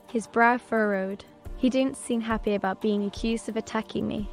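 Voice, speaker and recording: Woman narrating in an even, flat tone. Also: fairly high pitch, normal speed. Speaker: audiobook narrator. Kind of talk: scripted narration. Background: soft background music.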